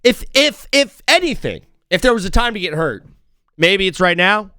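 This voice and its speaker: A young man hosting a casual sports talk show, joking and shifting quickly between loud outbursts and mumbled asides. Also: sits high, very animated, clean tone, dry recording, studio quality. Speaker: host.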